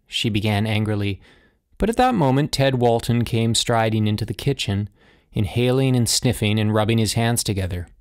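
A man narrating a short story in a steady, measured audiobook reading. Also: lowish voice, faint music behind. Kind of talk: scripted narration.

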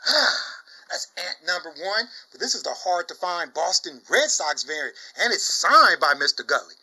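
A young man chatting casually about his comic book finds, exuberant, saying "y'all" often and bursting into loud shouts and laughs. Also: on the high side, very animated, normal speed, slightly rough, rough recording. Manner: exuberant, says "y'all" a lot. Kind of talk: casual chat.

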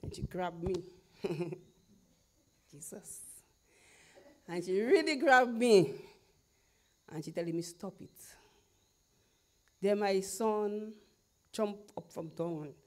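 Lively middle-aged Dominican woman testifying. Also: mid-range voice, slow, long pauses. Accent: Dominican Creole English. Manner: lively storytelling, acting out quoted voices, laughing often. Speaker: testifying guest. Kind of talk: animated personal testimony.

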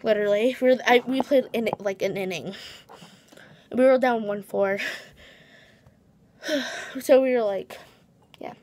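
A woman's voice: fairly high pitch, measured pace, pauses often, a little mellow. A teenage girl chatting casually to her vlog camera, tired, rambling and restarting her sentences with giggles. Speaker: vlogger.

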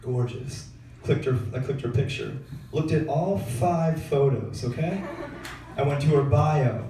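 A man's voice: a little high, a little slow, warm tone, slight background noise. Laid-back young man doing stand-up. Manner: laid-back, filler-heavy storytelling with slangy asides. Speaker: stand-up comedian. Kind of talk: stand-up comedy set. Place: comedy club stage, live audience. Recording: echoey club room, heard from far off.

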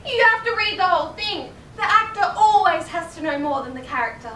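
A woman plays a prim, condescending know-it-all girl with a very high, bright voice. The sound comes from a camera far back in an echoey theatre. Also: fairly quick, slight background noise. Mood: snooty. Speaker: stage actor. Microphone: far camera in audience.

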